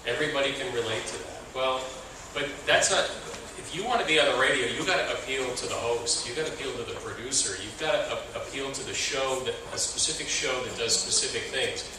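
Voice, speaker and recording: A man's voice: medium pitch, a little fast, noisy background. A man on a panel giving blunt, firm advice, repeating his points insistently. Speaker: panelist, radio professional. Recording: echoey hall, recorded from far off.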